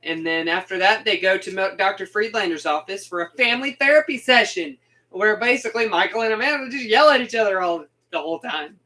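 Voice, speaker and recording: A young man rambles through a casual game recap, animated and quick to laugh. His voice sits high and bright. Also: rough recording. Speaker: gaming video host.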